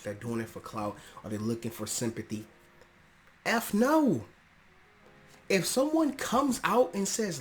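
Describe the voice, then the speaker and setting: A young man hosting his own podcast, speaking in a personal, earnest monologue that swells into emphatic outbursts, casual and slangy, often clearing his throat. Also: mid-range voice. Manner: casual slangy speech with restarts. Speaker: podcast host. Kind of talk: personal monologue on mental health.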